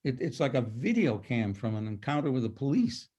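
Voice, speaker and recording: An older man giving a poetry lecture over a video call, reading verses slowly and dramatically before explaining them. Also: mid-range voice, very animated.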